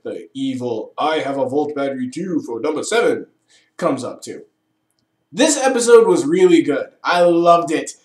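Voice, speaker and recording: A man's voice: on the high side, a little mellow. A man casually recapping and reviewing a show episode with enthusiasm, swearing and laughing often. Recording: echoey room.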